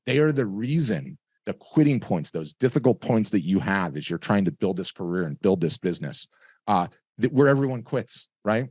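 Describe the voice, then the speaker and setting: A middle-aged man hosting a webinar over a video call, giving a lively, conversational sales pitch. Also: no echo, clean studio sound. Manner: lively, conversational, tells stories with acted voices. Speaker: webinar host.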